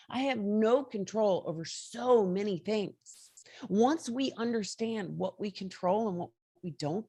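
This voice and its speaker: A woman talks through a casual motivational monologue as the host of a morning show. Her voice is a little husky and sits at a middle pitch, and the sound is dry and close. She talks in a chatty, animated way and often breaks into laughter. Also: no room sound.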